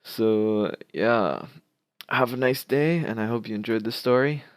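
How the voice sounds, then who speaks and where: A man's voice: mid-range voice, a little slow, clean tone, dry recording. A young man telling a prank story to his viewers, casual and rambling, laughing as he goes. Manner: laughing, rambling with many fillers. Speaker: vlogger.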